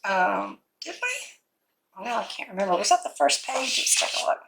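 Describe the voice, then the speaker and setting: A woman's voice: medium pitch, expressive, moderate pace, gravelly, noisy background. A woman unboxing a scrapbook kit in casual vlog commentary, gushing and cooing over each item, her voice a little worn as if she is losing it.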